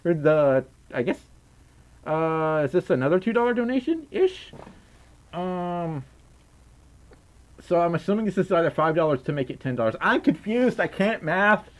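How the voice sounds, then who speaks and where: A man's voice: a little high, lively intonation, normal speed, long pauses, darkish tone. A young man casually chatting on a livestream and reading out donations in a rambling, giggly way. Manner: rambling, giggly, easily distracted. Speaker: streamer.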